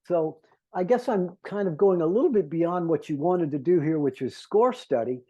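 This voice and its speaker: A man's voice: fairly high pitch, moderate pace, warm tone, breathy edge, dull audio. A man, a composer, earnestly explaining his scores to conductors and humming melodies to make his points. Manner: earnest teacher who hums melodies to illustrate.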